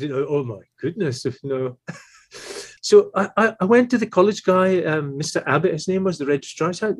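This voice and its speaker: A man in his sixties, a tuba player and teacher, telling stories in a relaxed, animated way and acting out the voices he quotes. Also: a little high, husky. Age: 60s. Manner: animated, acts out quoted voices, chuckles often. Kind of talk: relaxed anecdotal storytelling.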